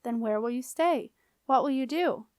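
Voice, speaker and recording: A gentle, courteous ghost of a middle-aged man, as a woman reads him aloud in a storybook, with a sing-song northern lilt. His words come soft and formal, in a fairly high voice on a dry, close recording. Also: moderate pace, smooth, dry recording, natural voice. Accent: sing-song northern accent.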